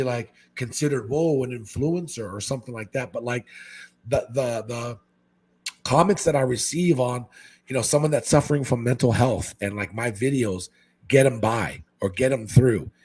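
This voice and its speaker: Husky-voiced guy from hawaii, chatting on a podcast, keeps saying man, jumps into loud high voices when he quotes people. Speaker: guest, fish-keeping content creator. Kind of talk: casual podcast chat.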